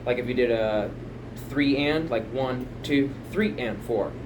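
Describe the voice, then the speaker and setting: A drum teacher at home speaks at a measured pace in a mid-range voice, casually explaining a pattern and counting the beats out loud in a rambling, talkative way. The recording is very noisy, with a loud kit picked up from across the room.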